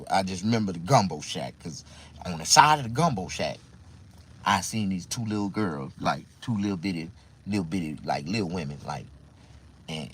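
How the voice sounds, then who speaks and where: Man telling a rambling, lively anecdote. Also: sits low, a little hiss or hum. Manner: profane, rambling, laughs often. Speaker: storyteller.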